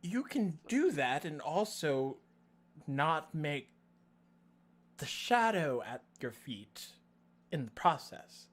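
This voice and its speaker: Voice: medium pitch, very animated, slow, long pauses. A player in a tabletop game who asks questions in casual in-character talk. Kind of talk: casual in-character role-play.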